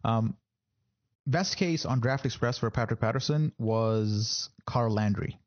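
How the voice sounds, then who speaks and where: A man's voice: mid-range voice, unhurried, highs cut off. A man hosting a casual sports podcast, rambling and repeating words between fillers. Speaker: podcast host.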